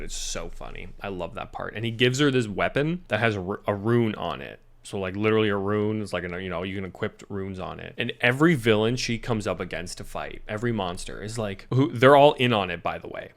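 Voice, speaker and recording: A young man with a slightly low voice rambles casually through a film review. He drifts from point to point, swears freely and often breaks into laughter. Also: fairly bright tone. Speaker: YouTuber reviewing an anime film. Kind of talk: casual chat.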